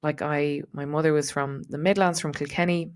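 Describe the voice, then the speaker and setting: A woman's voice: low-pitched, fairly even intonation, moderate pace, smooth. A woman with a neutral Irish accent, giving a chatty solo podcast talk as host and coach, with frequent ums and likes. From Ireland.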